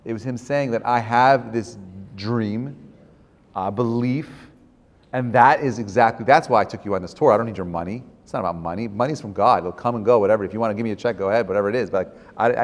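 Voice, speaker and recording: A man, a rabbi, giving an informal class and telling stories in a conversational way, often tagging his points with "right?" and "okay?". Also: medium pitch. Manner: conversational, many fillers and tag questions. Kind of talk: informal lecture with storytelling. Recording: long hall reverb.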